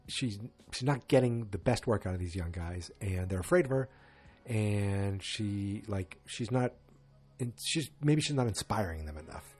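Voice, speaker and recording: A man's voice: on the low side, darkish tone, slightly rough. A man hosting a podcast, recapping a TV episode alone in a loose, chatty way with many restarts. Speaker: podcast host. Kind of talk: casual solo episode recap.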